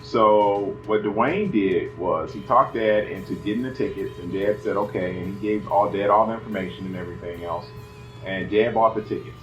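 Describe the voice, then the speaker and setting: A man's voice: on the low side, moderate pace. A middle-aged man telling a family story casually, acting out the voices and saying "you know" a lot. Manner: animated, acts out voices, many "you know" fillers. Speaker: son telling family stories. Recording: roomy, slightly dull, faint music behind.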